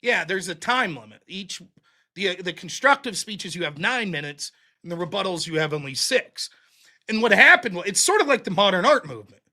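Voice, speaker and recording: A man hosting a livestream, telling stories in an animated, profane way. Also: high-pitched, normal speed. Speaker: livestream host. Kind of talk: casual livestream commentary.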